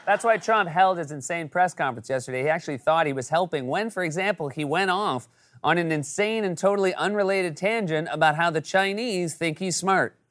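A man's voice: on the high side, brisk, fairly bright tone. A man hosting a late-night comedy show, delivering a scripted monologue with wry, punchy timing.

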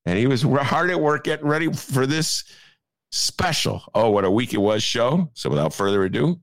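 A man's voice: medium pitch, moderate pace, no room sound, studio quality. A male podcast co-host giving sarcastic, opinionated political commentary. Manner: animated and sarcastic, mocking asides.

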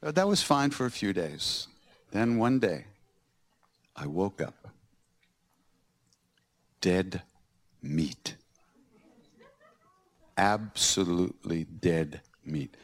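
A man's voice: deep voice, extremely slow, pauses often. A man hosting a podcast, recounting personal stories and acting out the scenes with laughter. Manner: animated, acts out scenes with laughter. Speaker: podcast host.

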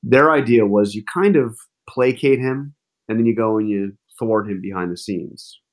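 Animated man telling a story. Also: lowish voice, moderate pace. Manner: animated, with many restarts and fillers. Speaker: journalist guest. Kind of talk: casual interview storytelling.

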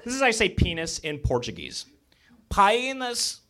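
A man doing deadpan, mock-formal stand-up comedy on a club stage, recorded live with noise behind him. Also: fairly high pitch, fast.

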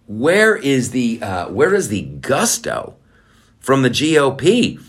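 A man's voice: mid-range voice, wildly swooping pitch, slow. A male podcast host in a casual political rant, profane and fired up.

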